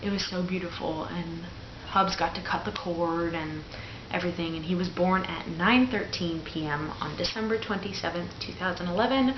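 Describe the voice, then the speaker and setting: Chatty young mom in an echoey room. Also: female voice, on the low side, normal speed, hardly any pauses, background noise. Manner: candid and chatty, full of "like" fillers. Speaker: new mother telling her birth story. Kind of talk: casual personal storytelling to camera. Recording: echoey room, dull lo-fi sound.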